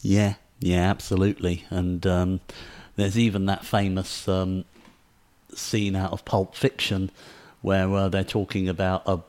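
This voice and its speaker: A man's voice: sits low, completely flat delivery, measured pace, darkish tone. A British man hosting a casual podcast conversation, rambling along with frequent ums and uhs. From United Kingdom. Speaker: podcast host.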